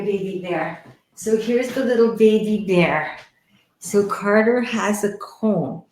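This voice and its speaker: Her voice mid-range and a bit mellow in an echoey room, a woman gives psychic readings to viewers on a casual live stream from home. She's chatty and affectionate, using honey and sweetheart, and talks through a headset or computer mic.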